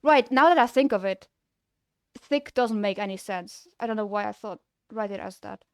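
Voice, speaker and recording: A woman's voice: medium pitch, normal speed, clear, resonant tone, dry recording, clean studio sound. A young adult woman with a German-sounding non-native English accent, chatting casually with her stream viewers in a rambling way that is full of restarts. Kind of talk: casual live-stream chat.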